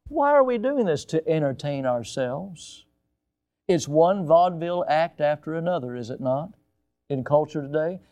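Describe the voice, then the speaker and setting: Impassioned male pastor, higher voice. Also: animated, unhurried. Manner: emphatic preaching, big swings in loudness, mocking high voices. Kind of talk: sermon.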